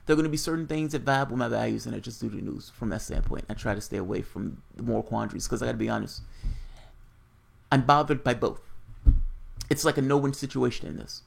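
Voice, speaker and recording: A man's voice: mid-range voice, fast, vocal fry. A man hosting casual political commentary on a livestream, reading viewer chat aloud and answering in a blunt, profane, rambling way.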